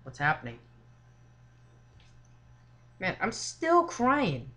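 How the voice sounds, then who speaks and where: Horror game let's play, lively swinging pitch, middle-pitched voice, constant cursing, yelps at scares. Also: slow pace, long pauses. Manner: swears a lot, shouts at jump scares; filler-heavy, says "like" and "seriously" often. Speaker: gamer playing a horror game.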